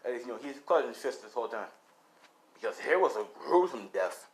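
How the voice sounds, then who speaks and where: A man's voice: mid-range voice, lively intonation, fairly quick. A man improvising a fan story in casual, rambling narration, full of fillers and the odd swear. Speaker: storyteller, channel host.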